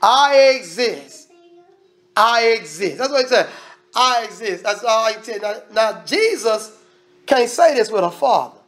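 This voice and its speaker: A man's voice: high-pitched, lively intonation, moderate pace. A man preaching a sermon as minister, emphatic and conversational, often restarting his sentences. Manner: preaching with emphatic, shifting loudness.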